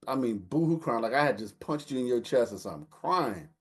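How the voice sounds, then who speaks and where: A man, telling a lively family story in casual chat and acting out the voices of the people in it. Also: mid-range voice, fairly quick, husky. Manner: animated storyteller, acts out quotes, laughs while telling. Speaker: older brother telling a story.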